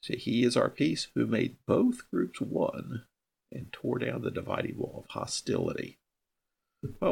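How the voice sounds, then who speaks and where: A man leads a verse-by-verse Bible teaching, his voice heavy with gravel and a husky edge. He reads the scripture slowly and deliberately, then unpacks it in everyday explanation. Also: mid-range voice. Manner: slows down to read scripture quotes, then explains plainly.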